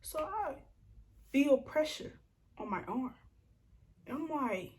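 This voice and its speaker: A young woman telling a storytime vlog, animated and acting out what people said, sometimes dropping to a whisper. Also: a little high, normal speed, pauses often. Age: young adult. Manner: animated, acts out quotes, slips into whispers. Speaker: vlogger.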